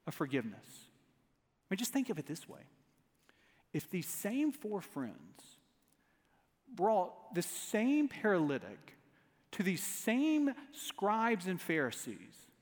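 A man's voice: sits high, big-room sound. A man preaching a sermon as pastor, with an emphatic, repetitive cadence.

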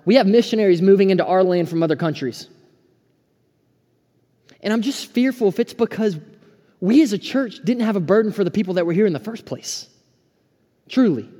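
Pastor in his thirties, earnest sermon delivery, slightly high pitch, warm and dark tone, reverberant sanctuary. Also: animated, brisk, pauses often. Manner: earnest, swings between hushed and fired-up. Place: church sanctuary. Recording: preaching in a hall with long reverb.

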